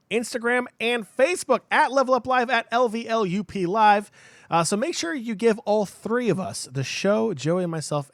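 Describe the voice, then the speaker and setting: A man's voice: sits high, no echo, studio quality. A man co-hosting a live-streamed gaming podcast, talking casually and hyping the show with cheers. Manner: upbeat, hypes the show with cheers. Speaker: podcast co-host.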